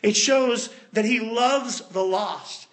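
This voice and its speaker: A man preaching a sermon, retelling a story with animated storytelling and addressing the congregation directly. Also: high-pitched, slow.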